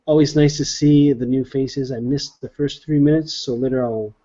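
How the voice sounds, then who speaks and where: A man's voice: medium pitch, steady tone, moderate pace, warm tone. Casual rambling male host reading viewer comments over a muffled web call. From Cape Breton, Nova Scotia. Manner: jokey, rambling, with filler. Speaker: show host. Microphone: video call. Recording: dull lo-fi web call audio.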